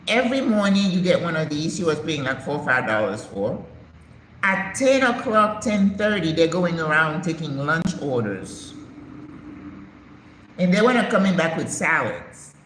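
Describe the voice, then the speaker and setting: A woman's voice: on the low side, fairly bright tone. An older woman, a retired nurse practitioner, hosting a casual live chat and telling stories with emphatic, preachy asides. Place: home in Panama. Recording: echoey room with faint background noise.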